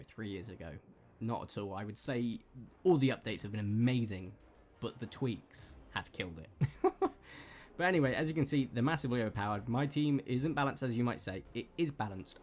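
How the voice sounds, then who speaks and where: A man giving rambling, self-deprecating commentary over his own mobile game play, recorded on a desk mic. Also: medium pitch. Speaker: gaming YouTuber. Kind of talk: casual gameplay commentary.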